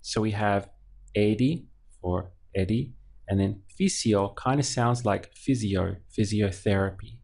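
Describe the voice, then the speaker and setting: Male language teacher, lower pitch, patient and repetitive delivery. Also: creaky, darkish tone. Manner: patient, explains slowly and repeats words. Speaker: Spanish teacher. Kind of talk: language lesson narration.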